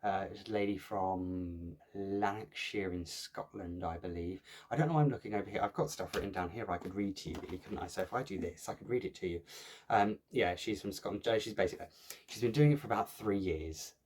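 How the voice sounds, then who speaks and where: A man with a slightly low voice talks casually to his viewers as a cross-stitch vlogger. He rambles in a friendly way, cracks jokes that fall flat and then laughs at himself. His speech is full of ums, uhs and false starts. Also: fairly quick. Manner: chatty, jokey, self-mocking, many fillers. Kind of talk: casual chat to camera.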